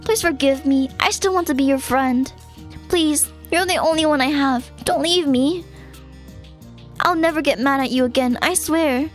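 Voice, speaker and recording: A woman voices a clingy young man, whiny and pleading as he piles on the guilt. The voice is high and close to her own. Faint background music plays under it. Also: normal speed, natural voice. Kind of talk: reading a visual novel aloud.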